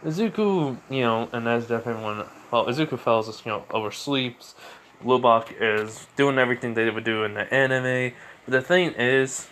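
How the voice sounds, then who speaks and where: A man retelling a fan story at home in a rambling, casual way, full of fillers and restarts. His voice sits at a middle pitch. A faint hiss sits behind him. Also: normal speed, a bit bright.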